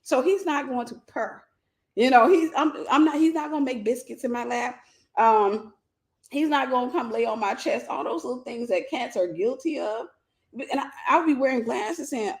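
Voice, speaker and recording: Woman, faith teacher, conversational, animated storytelling, playful asides. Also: fairly high pitch, moderate pace. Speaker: Christian teacher and mentor.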